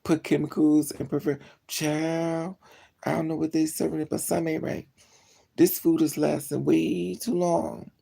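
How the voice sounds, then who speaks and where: A vlogger telling a story in a casual chat, animated and gossipy, acting out both sides of the conversation. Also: medium pitch, measured pace, vocal fry.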